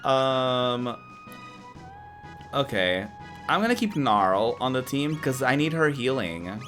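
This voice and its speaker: A woman in her twenties commenting casually on a retro game while streaming, with profane, excitable reactions. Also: rumbling low, slow. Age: 20s. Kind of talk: live gameplay commentary. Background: game music.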